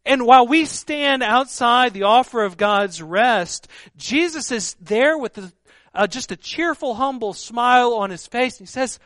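A man preaching a sermon, earnest and emphatic, with a fairly high voice. He often sinks to a hushed tone to press his point. The recording is dry and close. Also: expressive, unhurried, no room sound. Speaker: pastor.

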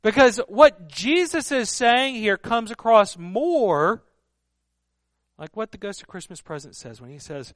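A man preaching a sermon, earnest and emphatic, with a fairly high voice. He often sinks to a hushed tone to press his point. The recording is dry and close. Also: animated, unhurried, no room sound. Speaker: pastor.

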